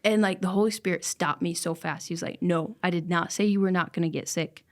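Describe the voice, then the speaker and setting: A woman's voice: lowish voice, fairly quick. A young woman on a podcast, telling an emotional personal story in an earnest, casual way and laughing now and then. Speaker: podcast guest.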